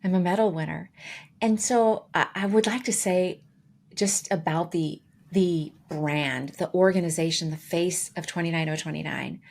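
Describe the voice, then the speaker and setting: A woman co-hosting a podcast, casually telling a story with lively, acted-out quotes. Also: on the low side. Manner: animated, acts out quoted dialogue with voices. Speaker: podcast co-host.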